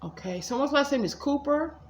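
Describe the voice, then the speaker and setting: A woman's voice: high-pitched, lively intonation, fairly quick, roomy sound, slight background noise. A woman giving a casual tarot reading at home, chatty and repetitive, talking straight to her viewers. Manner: chatty, addresses viewers as y'all, repeats herself. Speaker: psychic tarot reader.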